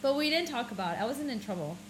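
A woman in casual podcast chat, tossing in dry jokes while she tells her own stories. Her voice sits a little high. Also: expressive, fast, slight background noise, rough recording. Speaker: podcast co-host.

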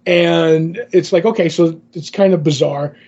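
Podcast co-host, male, slightly husky, loose and rambling, muffled lo-fi audio. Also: on the high side, steady tone, unhurried, darkish tone. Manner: rambling, many fillers and asides. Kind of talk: casual chat retelling a comic.

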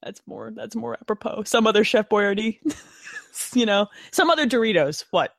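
Woman on a podcast, swears a lot, pitch jumps all over, dry close mic. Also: normal speed, creaky, no echo. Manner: animated, profane, laughs often. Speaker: podcast co-host. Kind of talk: casual chat.

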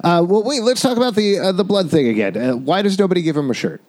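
A man co-hosting a casual comedic TV recap chat, jokey and quick to interrupt with questions and asides. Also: high voice, lively intonation, a little mellow. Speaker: podcast co-host.

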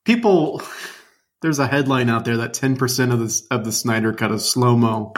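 A man co-hosts a podcast and talks about films casually, enthusiastic and rambling. His voice is medium in pitch and moves at a normal speed.

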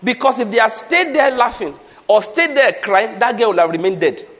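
Animated high-voiced preacher. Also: male voice, moderate pace. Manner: animated preaching with rhetorical questions and call-outs. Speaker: pastor. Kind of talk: sermon.

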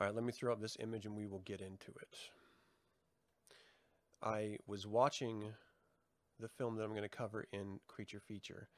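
A man's voice: on the low side, no room sound. A man hosting a live stream, chatting casually with viewers, joking, swearing and laughing a lot. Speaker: livestream host.

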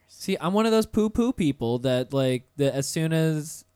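A man's voice: a little high, animated, moderate pace, a little mellow, smooth, no room sound. A man hosting a podcast in a studio, chatting casually, teasing and swearing freely. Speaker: podcast host. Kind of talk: casual chat. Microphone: studio microphone.

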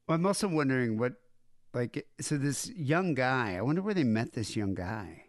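A man's voice: mid-range voice, expressive, normal speed, dry recording, studio quality. A man co-hosting a casual podcast chat, joking crudely and telling stories with animation. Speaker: podcast co-host.

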